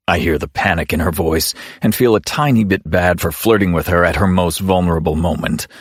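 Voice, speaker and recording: A man narrating a first-person romance audiobook in a wry, teasing, measured way. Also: sits low, breathy edge, no room sound, studio quality.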